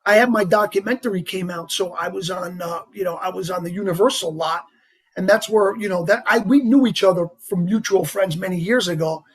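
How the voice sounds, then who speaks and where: Guest, male, heavy New York accent, raised husky voice, animated and rambling, casual interview. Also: sits high, brisk. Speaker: actor guest.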